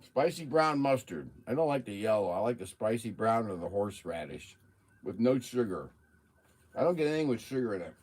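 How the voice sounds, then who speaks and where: A man's voice: fairly low pitch, big pitch swings, fairly quick, a little mellow. Chatty man eating on a livestream. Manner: chatty, eating and talking with mouth full. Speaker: livestream host. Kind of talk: casual livestream chat.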